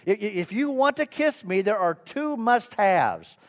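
A man's voice: high-pitched, animated, a little slow. A man preacher voicing a brash woman dressed as a nun in a joke, chatty and reassuring. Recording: long reverb of a church hall.

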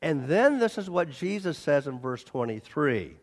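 High-pitched male preacher, animated sermon, long hall reverb. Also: a little slow. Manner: animated, acts out scenes, repeats for emphasis. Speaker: pastor.

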